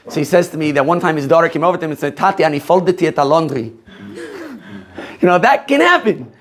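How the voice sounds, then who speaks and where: With a fairly high pitch, the Maryland man runs his rabbinical class in a spirited, inquiring manner. Laughter comes often as he teaches.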